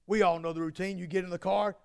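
High, gravelly preacher man. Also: steady tone, quick pace. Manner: swings from quiet asides to shouted exhortation. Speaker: pastor. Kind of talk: sermon.

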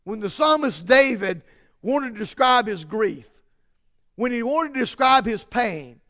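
A man's voice: very high-pitched, expressive, a little slow, pushed and bright. A man preaching a sermon, emphatic and repetitive, with frequent restarts and building stress.

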